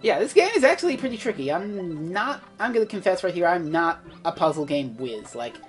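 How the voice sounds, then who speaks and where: A woman's voice: on the low side, big pitch swings, brisk, soft background music. A woman doing casual let's play commentary, rambling, self-mocking and swearing freely.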